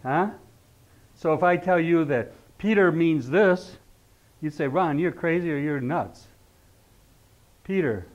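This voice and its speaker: A man's voice: a little high, slow pace, long pauses. A middle-aged man teaching an astrology class, talking conversationally and often putting rhetorical questions to his students. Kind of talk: lecturing a class. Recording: dull lo-fi recording.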